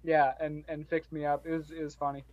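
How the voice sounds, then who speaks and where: Reflective young man, slightly higher voice. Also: level tone, brisk, no echo, dull audio. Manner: rambling, reflective, laughs often. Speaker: podcast co-host. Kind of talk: casual chat.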